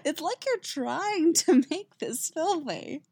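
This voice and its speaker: A woman's voice: very high voice, lively intonation, slow pace, darkish tone, dry recording, pitched above the performer's own voice, exaggerated voice. A woman voicing a playful, affectionate young male bard.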